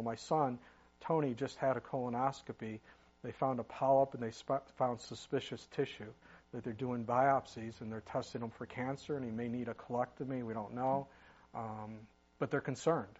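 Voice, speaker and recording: A man's voice: medium pitch, fairly even intonation, normal speed, a little mellow, lo-fi sound. A middle-aged man preaching a sermon in a conversational way, with asides and sudden emphatic rises. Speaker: pastor.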